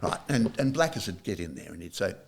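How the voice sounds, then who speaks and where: An older man with an Australian accent tells stories in a gravelly voice. His pitch rises and falls widely as he acts out what other people said in casual conversation. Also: fast talker, slight background noise. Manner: animated storyteller who acts out other people's lines. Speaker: guest, saxophonist. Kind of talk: casual anecdotal chat.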